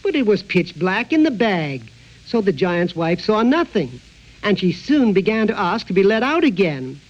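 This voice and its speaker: A man narrating a fairy tale in a measured, rhythmic storytelling manner. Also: sits high, big pitch swings. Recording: dull, muffled recording with music.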